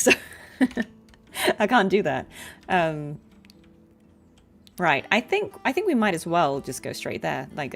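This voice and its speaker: A woman's voice: sits low, gravelly, fairly bright tone. A British woman, a voice actor chatting casually on a game livestream, laughing often and with many fillers. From Britain. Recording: game music behind.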